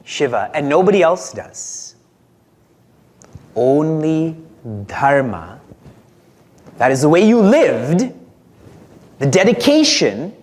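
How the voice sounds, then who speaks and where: A man delivering a spiritual discourse with a lively, swooping delivery and a slightly raised pitch. He talks conversationally, throws questions at his listeners and chuckles between points. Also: breathy edge. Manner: conversational, asks the audience questions, chuckles often. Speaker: spiritual teacher.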